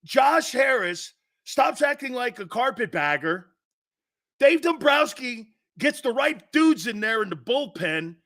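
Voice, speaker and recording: A man's voice: extremely high pitch, sing-song, measured pace, fairly bright tone. A middle-aged man hosting a sports talk show, riffing in a brash, profane, joking way and laughing often.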